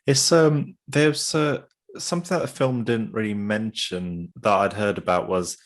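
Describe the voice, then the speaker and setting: A man's voice: fairly low pitch, unhurried. A man co-hosting a podcast in casual chat, talking in hesitant bursts with restarts. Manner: hesitant, many fillers and restarts. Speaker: podcast co-host.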